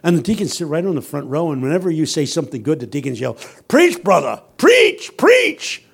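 A man preaching in a fairly high voice, mixing teasing humor with storytelling. He moves from hushed, earnest appeals to loud, shouted passages. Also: rapid-fire, creaky, breathy edge. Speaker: guest preacher. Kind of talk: sermon.

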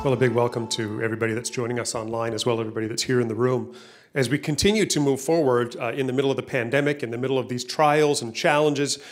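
A man's voice: mid-range voice, steady tone, quick pace, soft background music. A man preaching a sermon as pastor to a church room and online viewers, talking casually and often repeating words. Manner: conversational, repeats words, acts out voices in stories.

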